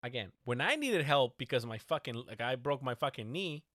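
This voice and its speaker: Bright-voiced guy ranting, swears a ton, dry close sound, kinda high. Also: fairly quick, dry recording. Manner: animated, swears a lot, ranting. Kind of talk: casual chat.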